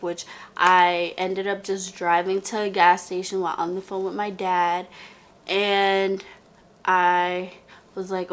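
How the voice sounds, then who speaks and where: A woman's voice: mid-range voice, little pitch movement, normal speed, fairly bright tone, a little hiss or hum. A young woman telling a casual storytime to her viewers, chatty and full of "like" fillers, calling the viewer "girl".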